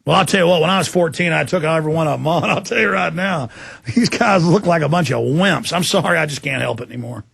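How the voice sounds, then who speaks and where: A man's voice: a little high, fast, creaky, a bit bright, breathy edge, dry recording. A man hosting a political talk show, delivering an impassioned, ranting monologue.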